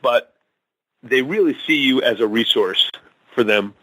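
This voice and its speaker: A man being interviewed as a guest author, talking casually with many pauses and restarts as he explains jokes. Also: medium pitch, fairly bright tone, rough recording. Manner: hesitant, many fillers and restarts, tells jokes slowly.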